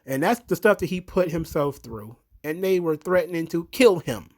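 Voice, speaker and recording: A man's voice: a little high, animated, normal speed. A man giving a blunt, opinionated, rambling commentary monologue as a show host.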